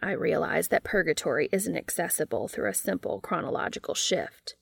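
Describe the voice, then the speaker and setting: A woman voicing an eager, flirty male skeleton who speaks in corny pickup lines with a deep, dudeish voice. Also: normal speed, vocal fry, breathy edge, no echo, clean studio sound, full character voice. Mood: anxious.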